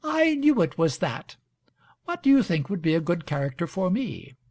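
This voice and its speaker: Eager young lady in a storybook reading, coaxing and playful, pitched up high and swinging all over, a bit gravelly since a guy's doing her. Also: very animated, normal speed, a little mellow, dry recording, full character voice. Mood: delighted. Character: eager affectionate young woman.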